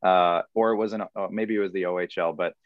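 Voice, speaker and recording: A man with a fairly low voice talks hockey in a loose, joking podcast chat. He thinks aloud and fills the gaps with "uh" and "like". The recording is dull and lo-fi, with a dry, close sound. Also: steady tone, fairly quick, no room sound. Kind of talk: casual chat.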